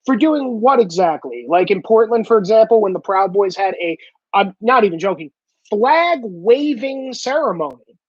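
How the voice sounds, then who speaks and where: Sarcastic male commentator with a husky voice, profane comic rant, dry and slightly dull recording. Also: high-pitched, expressive, moderate pace, no echo. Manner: sarcastic, profane, mocking impressions. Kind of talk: comedic political rant.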